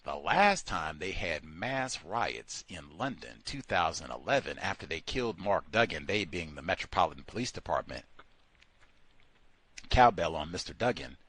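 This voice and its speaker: A sardonic man riffing through a call-in show monologue. His voice jumps around a lot in pitch and has a bright, forceful edge. He sounds close and dry, with no room around him. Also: very animated, unhurried, husky, no room sound. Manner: sardonic, switching between mocking voices and asides. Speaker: radio show host.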